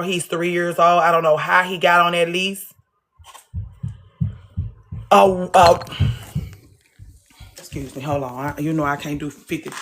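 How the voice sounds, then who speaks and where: A woman's voice: deep voice, a bit bright, a little hiss or hum. Woman, livestream host, casual monologue, blunt, profane, emphatic repetition, phone at home.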